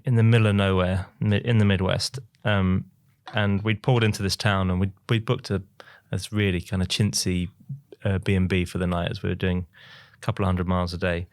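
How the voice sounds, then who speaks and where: A man's voice: sits low, level tone, a little fast, clean tone, no room sound. A man with a London accent, co-hosting a podcast, telling rambling anecdotes with many restarts. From England. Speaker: podcast co-host. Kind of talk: casual chat.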